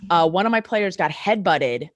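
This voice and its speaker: A middle-aged woman chiropractor, a guest on a casual podcast, telling sideline stories in an animated way and acting out the people in them. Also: fairly low pitch, moderate pace, no room sound. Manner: animated storyteller who acts out the people she describes.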